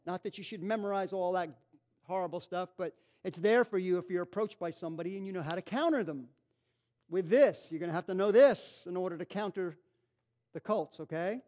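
A man with a very high voice preaches a Bible lesson. He drives his points home with repetition and quick questions to the room. Between loud, stressed lines he drops into low, quick asides. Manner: emphatic, repeats and asks the room questions. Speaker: pastor teaching a class. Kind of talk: sermon-style Bible teaching.

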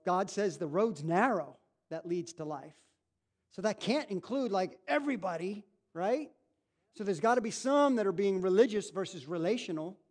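A middle-aged man with a fairly high voice preaches to his congregation in church. His delivery is animated, and he acts out little everyday scenes in quoted voices to make his point. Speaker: pastor. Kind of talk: sermon.

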